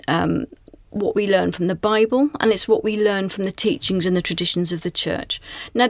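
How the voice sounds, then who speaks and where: A woman's voice: medium pitch, no echo. Woman talking thru advice for school leaders, earnest, lots of rhetorical qs, dry close sound. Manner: earnest, reflective, asks many rhetorical questions. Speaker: national director of school inspections. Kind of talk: advisory conversation.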